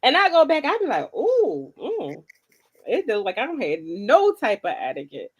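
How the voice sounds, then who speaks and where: A woman's voice: fairly high pitch, huge pitch swings, fairly quick, breathy edge. Laughing woman reading comments aloud. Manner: reads viewer comments aloud, laughing often. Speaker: co-host. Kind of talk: casual chat.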